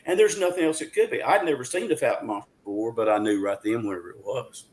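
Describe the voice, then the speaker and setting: A man's voice: mid-range voice, fast, darkish tone. A man, telling a story as an interview guest in an earnest, folksy way, with frequent restarts. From Arkansas, USA. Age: 60s.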